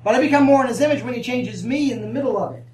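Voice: mid-range voice, rapid-fire, crowd noise. Roomy, distant preacher calling for amens. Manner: call-and-response, asking the congregation for amens; conversational, with humorous asides and laughs. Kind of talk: sermon. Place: church sanctuary. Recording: roomy, distant mic, faint ambience.

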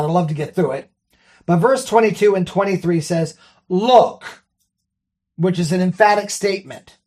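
Bible study teacher, careful, methodical, explains grammar, reads scripture aloud, checks in with the group. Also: medium pitch. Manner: checks in with listeners often.

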